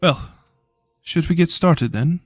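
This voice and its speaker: A man voicing a polite, well-dressed gentleman who welcomes guests. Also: a little high, takes it slowly, no echo, voice pushed up.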